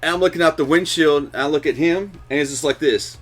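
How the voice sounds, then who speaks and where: A man's voice: a little high, quick pace, soft background music. A man co-hosting a movie review show, telling a story in casual chat, swearing often and acting out sounds. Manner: profane storyteller, animated, mimics sounds. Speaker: co-host.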